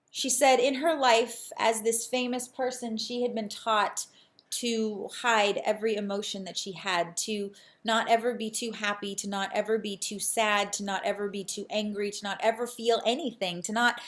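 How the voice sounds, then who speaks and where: An earnest young woman shares what she has learned in a casual personal vlog. Her voice sits at an ordinary middle pitch. She circles back and restarts her sentences as she thinks aloud. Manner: earnest, reflective, many restarts. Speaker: real estate agent and vlogger.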